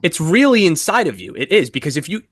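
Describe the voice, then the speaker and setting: Podcast co-host, male, animated and profane, slightly high voice, dry mic. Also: fast, dry recording. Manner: animated, heavy swearing, storytelling. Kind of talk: casual chat.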